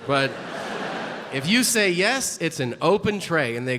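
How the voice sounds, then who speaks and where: A man's voice: a little high, very animated, moderate pace. A man doing a stand-up comedy routine on stage, profane and acting out both sides of exchanges in mocking voices. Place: comedy stage before a live audience. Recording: noisy live stage recording.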